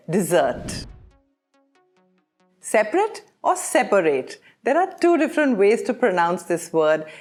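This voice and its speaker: A young woman runs a pronunciation lesson. Her voice swings up and down a lot, and she sounds out words slowly and deliberately, repeating each one. Her pitch sits in a middle range for a woman. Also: a little mellow. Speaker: English teacher.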